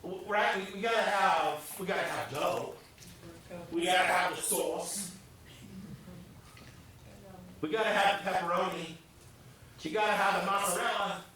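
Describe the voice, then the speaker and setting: A man's voice: high-pitched, normal speed, sharp tone, slight background noise. A man leading a team meeting in front of a large audience, joking around and firing questions at the room. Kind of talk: lively team meeting talk. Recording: echoey room, speaker far from mic, crowd sounds.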